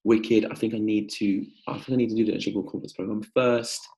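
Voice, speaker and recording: A man hosting a live-stream coaching pitch, energetic and upbeat, calling out viewers by name. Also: fast.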